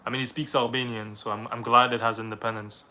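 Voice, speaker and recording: A man's voice: mid-range voice, flat delivery, fast talker, pushed and bright, slight background noise. A young man from Canada, reading viewers' questions aloud on a live stream and answering them in a casual, rambling way.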